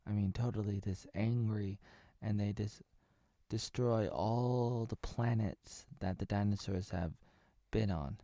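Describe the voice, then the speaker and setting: Thirties man from Oregon, low voice, rambling fan-review recap, dry close sound. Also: steady tone, slow, warm tone, no room sound. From Oregon, USA. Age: 30s. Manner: meandering, heavy on filler words and jokey asides. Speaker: TV episode reviewer.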